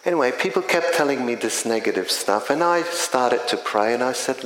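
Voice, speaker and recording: A middle-aged man, a community chaplain telling his testimony in an earnest, measured way. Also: mid-range voice, expressive, a bit bright, slight background noise. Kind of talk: spoken testimony. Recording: echoey hall with faint ambience.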